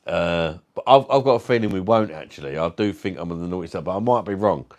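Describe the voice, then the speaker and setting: A man's voice: low-pitched, animated, quick pace, a little mellow. A British man hosting a live stream, reading comments and joking about himself while swearing freely. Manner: jokey, self-mocking, swears freely.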